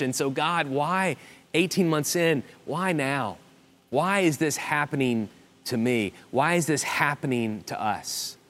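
A male pastor delivering a sermon in a church auditorium. He speaks earnestly at a mid-range pitch, often stumbling into restarts before pressing a point home through repetition.

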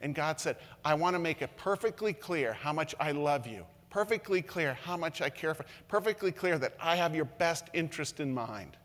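Earnest pastor preaching in a reverberant hall. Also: male voice, fairly high pitch, lively intonation, moderate pace, hardly any pauses. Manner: earnest, repetitive, swings from loud emphasis to soft intimacy. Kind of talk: sermon. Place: church room with long reverb.

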